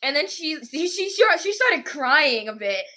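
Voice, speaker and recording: A young female vlogger rambles through a storytime with a bright, clear voice pitched a little high. She keeps it casual and loose, stringing events together with "I was like.". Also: very animated, unhurried.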